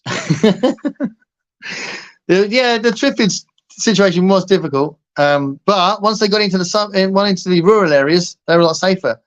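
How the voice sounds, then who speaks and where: A man hosting a livestream, chatting casually and playfully with viewers, laughing often and rambling between topics. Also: medium pitch. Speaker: livestream host. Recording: muffled lo-fi livestream audio.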